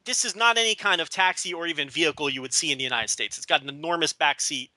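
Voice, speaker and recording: A man's voice: fairly high pitch, quick pace, pushed and bright, no echo. A man co-hosting a podcast in casual chat, rambling with lots of stammered restarts. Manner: rambling, stammering restarts, mock British voices in quotes. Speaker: podcast co-host.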